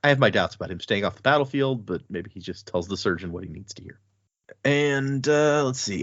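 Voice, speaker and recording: A man's voice: lowish voice, no room sound. A man recapping a fantasy book chapter in casual podcast chat, acting out characters' lines as he goes. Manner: animated, acts out characters' lines in quick voices. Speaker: podcast co-host. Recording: dull dry podcast audio.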